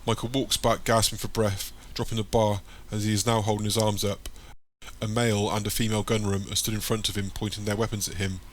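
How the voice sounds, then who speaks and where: A man reading an audiobook chapter in plain, even scripted narration. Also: lowish voice, fairly quick, a little hiss or hum.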